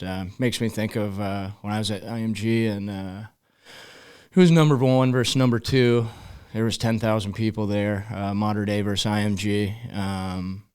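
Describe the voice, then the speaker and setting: A middle-aged football coach with a low voice talks through his stories at an easy pace. He slips into the voices of the people he quotes, plays them out briefly, then goes back to telling. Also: smooth. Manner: relaxed storyteller who acts out quoted dialogue. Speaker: high school football head coach. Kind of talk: podcast interview, storytelling.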